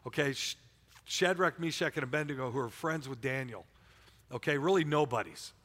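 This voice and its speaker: A man with a mid-range voice preaches a sermon at a moderate pace in a church sanctuary, and the big room gives his voice a roomy sound. He talks casually and energetically, often repeating himself, restarting words and stumbling over them.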